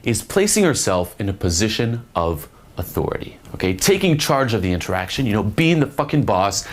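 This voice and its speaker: A man's voice: lowish voice, sing-song, brisk. A man giving blunt, profane dating advice to camera, full of fillers and acted-out example lines. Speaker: dating coach. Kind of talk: instructional talk to camera.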